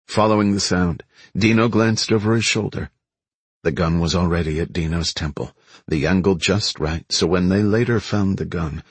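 A man reading an audiobook thriller in steady, measured narration. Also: deep voice, slightly rough, no echo. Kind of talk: scripted narration.

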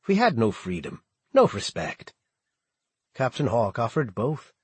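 A man's voice: medium pitch, wildly swooping pitch, a little slow, slightly rough, no room sound, full character voice. A man voicing a subdued young Irish pirate from County Clare, telling of his lost wife and baby. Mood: wistful. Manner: soft-spoken, subdued.

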